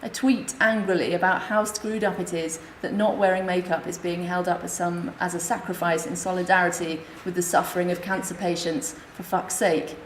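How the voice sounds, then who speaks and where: A woman speaking at a conference, reading her comic memoir aloud in a wry, deadpan way. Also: lowish voice, normal speed, few pauses. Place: hospital conference room. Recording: echoey lecture room, faint hiss.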